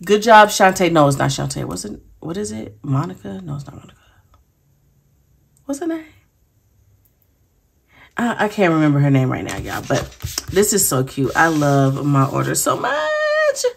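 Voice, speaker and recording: Low-voiced chatty woman vlogger. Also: huge pitch swings, moderate pace, creaky, long pauses, breathy edge. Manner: chatty, giggly, addresses viewers as y'all. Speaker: planner sticker vlogger. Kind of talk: casual chat.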